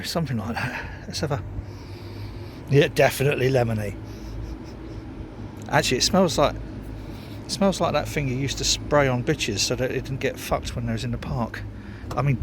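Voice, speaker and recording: Man, casual vlog chat, rambling and sweary, average pitch, light background hiss. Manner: rambling, swears freely, self-mocking. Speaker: home brewer vlogger.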